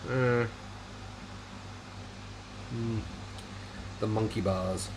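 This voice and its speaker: A man's voice: on the low side, steady tone, very slow, background noise. A man hosting a casual livestream chat, rambling in a dry, offhand way while reading viewer comments. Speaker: livestream host.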